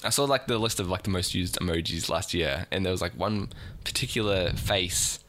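Deep-voiced man, dry and teasing. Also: normal speed, fairly bright tone, a little hiss or hum. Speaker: podcast co-host. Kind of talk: casual chat.

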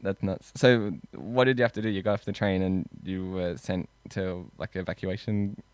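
A man's voice: low-pitched, steady tone, normal speed, smooth, no echo. A man co-hosting a podcast, asking curious questions in casual chat and swearing casually. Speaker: podcast co-host.

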